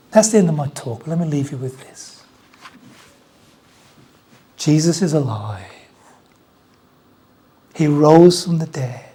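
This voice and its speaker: Slow, chatty Australian preacher. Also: mid-range voice, darkish tone, breathy edge. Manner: conversational, repeats key phrases, jokes with the congregation. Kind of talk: Easter sermon. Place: church.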